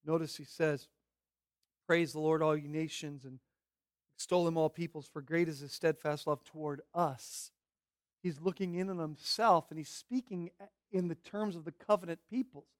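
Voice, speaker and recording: High-voiced preacher delivering a sermon. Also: male voice, steady tone, normal speed, no room sound, clean studio sound. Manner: swings from quiet pleading to loud emphatic preaching.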